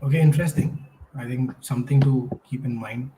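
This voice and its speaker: A man's voice: mid-range voice, fairly quick, background noise. A man hosting a panel, chatty and often tagging "right?" onto his sentences. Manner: chatty, keeps adding "right?". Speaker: host. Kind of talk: panel discussion.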